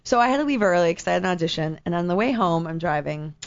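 Young woman podcast co-host, animated storyteller, very lively pitch, dull lo-fi sound. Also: fast talker, no room sound. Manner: animated storyteller, acts out voices loudly. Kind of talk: casual chat. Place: Los Angeles.

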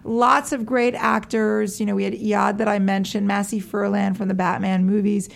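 A woman's voice: medium pitch, level tone, moderate pace, vocal fry. A woman guest chatting about her acting work, talking in a loose, chatty way with frequent laughs. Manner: chatty, laughs often, says "like" a lot. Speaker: actress guest. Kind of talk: casual interview chat.

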